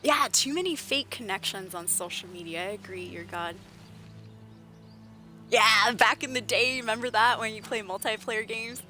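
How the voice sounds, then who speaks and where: A young woman streams a game and chats casually, bringing her stories to life by acting out the people she quotes. Her voice is bright and sits a little high. Faint game music plays underneath. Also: normal speed. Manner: animated storytelling, acts out the people she quotes. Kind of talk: casual livestream chat.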